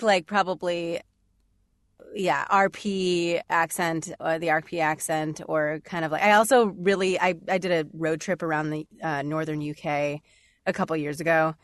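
A woman's voice: lowish voice, fairly bright tone, no echo, studio quality. A woman voice actor chatting casually on a podcast, filling her talk with "like"s and frequent laughs. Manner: chatty, many "like"s, laughs often. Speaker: voice actor and demo writer, guest.

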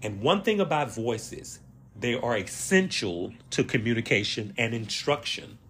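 A man with a Southern accent hosting a reflective solo monologue, speaking slowly and deliberately with drawn-out emphasis. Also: mid-range voice, very animated, a bit bright, a little hiss or hum. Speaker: podcast host. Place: Washington, D.C.

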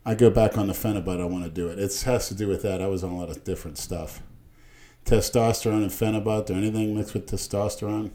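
A man with a low, mellow voice, chatting on a podcast. He is blunt and crude and wanders from point to point. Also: fairly even intonation, fast. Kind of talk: casual chat.

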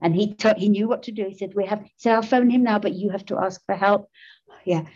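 A woman's voice: mid-range voice, steady tone, quick pace, mellow, dull audio. Older woman, self-mocking, laughing. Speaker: recovery speaker. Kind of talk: personal testimony.

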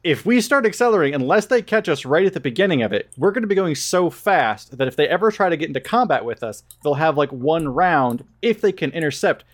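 A man's voice: fairly high pitch, animated, fast talker, hardly any pauses. A man playing a tabletop game who eagerly lays out his plan at length, checking in with "right?" as he goes. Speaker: player.

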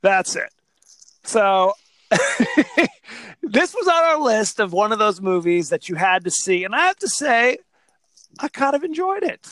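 Podcast co-host: a lively man with a high, bright voice on a dry close mic. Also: unhurried, pauses often, no room sound. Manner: animated, laughing, retells scenes in quoted voices. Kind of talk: casual chat.

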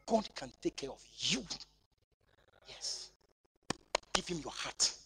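A man preaching a sermon in church, swinging between shouting and near-whispering. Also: on the high side, sing-song, takes it slowly, vocal fry, heavy background noise. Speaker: pastor.

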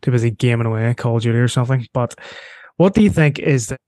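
A man's voice: mid-range voice, fast, dark tone, no room sound. A man hosting an interview who asks casual, rambling questions. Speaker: podcast host.

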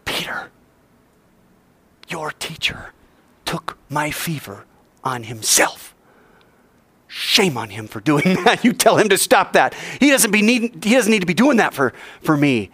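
Man reading a feverish older mother-in-law, fussing, a bit raised in pitch. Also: big pitch swings, unhurried, pauses often, fairly bright tone, husky, no echo, full character voice. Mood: fussing grateful.

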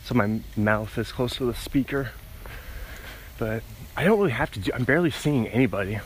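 A young man hosts a solo podcast while walking outdoors by a road, holding his phone to his ear. His medium-pitched voice is brisk and expressive as he meanders, cuts himself off, and laughs at his own tangents. There's slight background noise.

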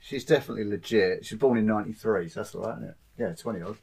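A man's voice: lowish voice, fast, creaky, crowd noise. A man co-hosting a film podcast, opinionated and teasing in casual chat. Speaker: podcast co-host.

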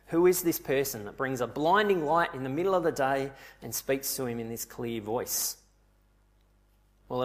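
A man delivers a sermon in a middle-range voice. He retells the scripture as a vivid story and keeps turning to his listeners with rhetorical questions. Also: mid-range voice. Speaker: preacher.

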